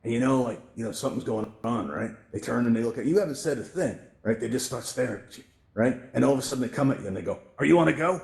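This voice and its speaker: Talking into a headset microphone, a male host presents a VR tutorial event in a relaxed, chatty way. His mid-range voice is creaky and darkish, the delivery rapid-fire, with "right?" and "you know" tacked onto many sentences.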